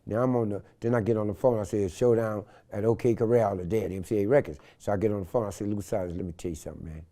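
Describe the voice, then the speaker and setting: An older man from San Francisco, telling stories in an interview with an animated, slangy manner and loud acted-out quotes. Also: fairly low pitch, quick pace. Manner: animated, acts out quotes loudly, street slang. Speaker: interview guest. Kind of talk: storytelling in an interview.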